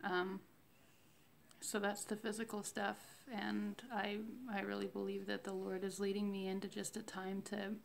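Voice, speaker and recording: A woman talking slowly and reflectively in a casual faith diary, with many fillers and pauses. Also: mid-range voice, completely flat delivery, gravelly, a little hiss or hum. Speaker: vlogger sharing a fasting diary.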